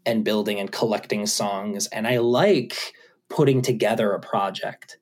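A man who is a musician, chatting casually as an interview guest, animated and swearing, acting out his own thoughts. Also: on the low side, measured pace. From USA.

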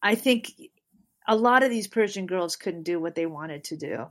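A middle-aged woman, a guest on an interview show, telling lively stories about her life in a casual chat. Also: lowish voice, normal speed. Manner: animated storyteller.

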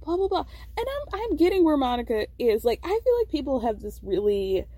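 A woman's voice: on the high side, very animated, brisk, warm tone, no echo. Giggly woman recapping reality TV. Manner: chatty, giggly, mimics cast members in quotes. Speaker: podcast host.

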